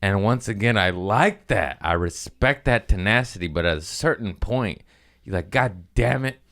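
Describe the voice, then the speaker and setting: A man's voice: fairly low pitch, moderate pace. A man who hosts a comedy podcast alone, rambling, profane, laughing often and wired on caffeine. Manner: excitable, profane, laughs often, jumps topics. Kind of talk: casual rambling solo monologue. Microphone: studio microphone.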